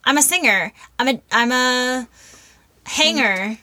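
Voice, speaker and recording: A woman's voice: sits high, slow, no room sound. Young woman, from Minnesota, casual podcast chat, dry close mic. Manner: animated, laughing, emphatic. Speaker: podcast co-host.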